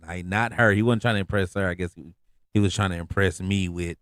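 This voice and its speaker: A man hosting a podcast in a relaxed, slangy storytelling voice that sits low. He circles back and repeats lines for emphasis. The sound is close and dry, with no room around it. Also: brisk, no echo. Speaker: podcast host. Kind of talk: casual storytelling monologue.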